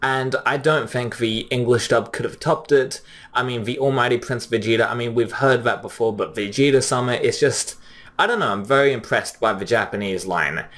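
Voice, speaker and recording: A young man giving casual, chatty commentary, often pausing with fillers and restarting his sentences. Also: mid-range voice, fairly bright tone. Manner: chatty, frequent fillers, restarts, reads quotes plainly. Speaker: anime commentary host. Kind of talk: casual commentary comparing dub lines.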